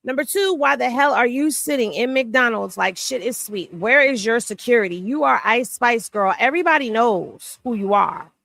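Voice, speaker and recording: A woman's voice: on the high side, moderate pace, creaky, hardly any pauses, fairly bright tone, no room sound, clean studio sound. A woman hosting casual reaction commentary, blunt and sassy, talking straight to her viewers. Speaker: commentary host. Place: home room with rain on a tin roof.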